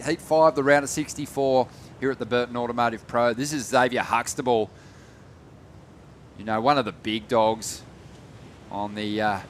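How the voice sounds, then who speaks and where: An Australian man doing live play-by-play surf commentary, steady and informative with friendly banter. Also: mid-range voice, a little hiss or hum.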